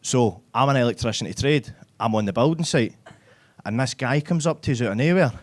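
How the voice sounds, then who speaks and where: A Glaswegian man does a live stand-up set on a comedy club stage. He talks into a stage microphone in a brash, sweary and chatty way, often tagging his lines with "right?". His pitch sits at a middle level for a man. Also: lively intonation, a little fast.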